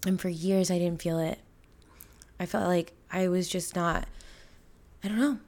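A woman's voice: on the low side, steady tone, measured pace, darkish tone. Emotional young woman podcaster, candid. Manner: emotional, candid, rambling with many fillers. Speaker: podcast host. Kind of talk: casual confessional monologue.

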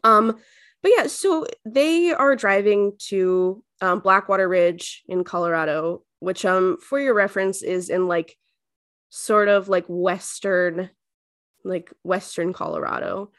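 A woman co-hosting a podcast, recapping an episode in casual chat full of fillers and quick bursts. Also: mid-range voice, a bit bright, no echo, clean studio sound. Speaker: podcast co-host.

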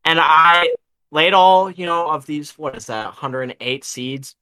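A man's voice: a little high, steady tone, measured pace, pushed and bright, dry recording. A young man co-hosting a podcast, rambling through a gaming story in casual chat and swearing freely. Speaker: podcast co-host.

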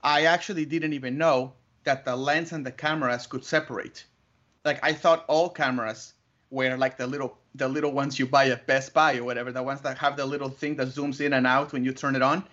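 A man telling his story as an interview guest, lively, laughing often and acting out other voices. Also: medium pitch, a little fast. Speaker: interview guest, wedding photographer. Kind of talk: animated storytelling. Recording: muffled lo-fi audio.

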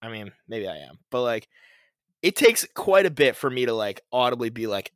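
Reviewing new music on a podcast he co-hosts, a man with a mid-range voice speaks very animatedly at a moderate pace. His fairly bright tone comes through a clean studio sound with no room noise, as he rambles, uses fillers, and laughs along the way.

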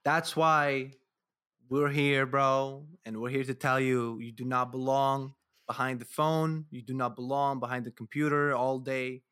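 A man's voice: mid-range voice, steady tone, measured pace, a bit bright, smooth. A man chats casually on a podcast in an ordinary mid-range voice. He keeps agreeing with his co-host and backing him up. His talk is loose and slangy. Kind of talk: casual chat.

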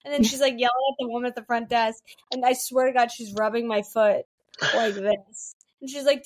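A woman's voice: on the high side, steady tone. A young woman co-hosting a podcast, telling candid stories in casual chat and acting out the people she quotes. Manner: candid, rapid storytelling with quoted voices. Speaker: podcast co-host.

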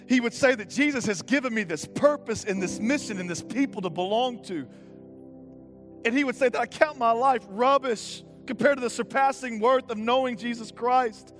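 High-voiced impassioned young male preacher. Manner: impassioned, rising to urgent calls then dropping to quiet intensity; casual slang mixed with preaching. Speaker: pastor. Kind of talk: sermon.

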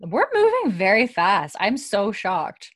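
A woman's voice: mid-range voice, huge pitch swings, slow pace, fairly bright tone, no echo. A woman co-hosting a podcast, recapping a show in chatty storytelling with many fillers. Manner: chatty storytelling, many likes and you-knows. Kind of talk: casual chat.

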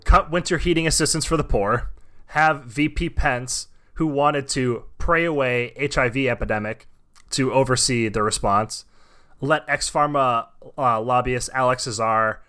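A man's voice: mid-range voice, measured pace, sharp tone. A young man in casual podcast chat, swearing constantly and talking emphatically. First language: English. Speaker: podcast co-host.

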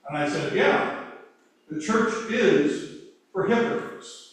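A male pastor with a fairly high voice preaches in a slow, conversational storytelling manner. His sermon rings through an echoey church sanctuary, picked up from some distance. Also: lively intonation. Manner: conversational, quotes dialogue in a softer voice. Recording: echoey church hall, mic far off.

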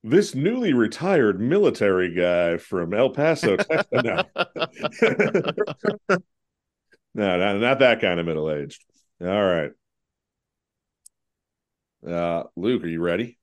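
A man's voice: on the low side, big pitch swings, slow pace, long pauses. A man hosting a casual trivia podcast, joking around and swearing now and then. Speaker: quiz host.

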